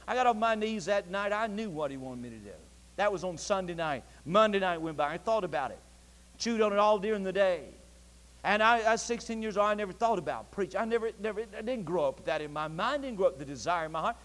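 A man preaching a sermon, telling his story with feeling and building to fervent, near-shouted passion. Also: high voice, animated, quick pace. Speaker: pastor. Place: church sanctuary. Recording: long church reverb.

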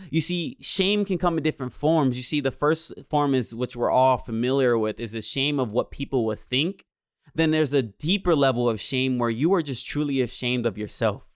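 A young man in his twenties gives a heartfelt motivational talk in the cadence of a preacher. His voice is smooth and resonant at an average pitch. The sound is dry and close. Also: no room sound. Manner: earnest, preacherly, repeats "you see". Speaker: motivational speaker. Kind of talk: inspirational monologue.

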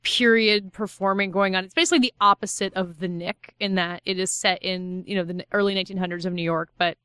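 Chatty woman film critic, bright voice. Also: mid-range voice, fairly even intonation, quick pace, smooth, dry recording, studio quality. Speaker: podcast co-host, film critic. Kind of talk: casual chat.

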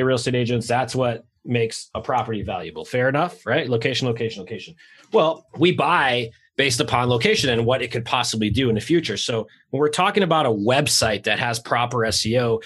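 A man hosting a podcast, talking fast and raw in a casual, energetic way with mild swearing. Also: medium pitch, slightly rough. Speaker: podcast host.

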